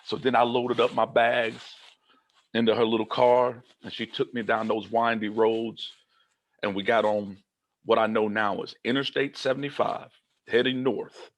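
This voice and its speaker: A man from Kentucky giving a humorous motivational keynote, telling his own story in an animated style and acting out the dialogue. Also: medium pitch, moderate pace. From Kentucky, United States. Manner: animated, comic, acts out dialogue.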